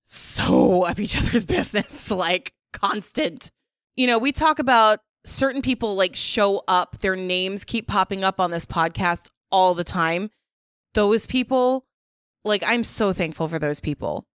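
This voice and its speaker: A woman co-hosting a podcast in casual chat, earnest and warm, often saying "like". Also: medium pitch, measured pace, dry recording, clean studio sound. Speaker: podcast co-host.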